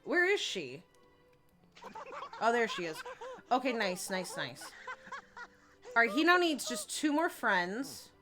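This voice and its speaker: A woman's voice: fairly high pitch, big pitch swings, takes it slowly, pauses often, music in the background. A young woman streaming a life-sim game, chatting casually and reading viewer messages with lots of fillers and giggles. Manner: chatty, reads chat aloud, many fillers and giggles. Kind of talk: casual gameplay commentary.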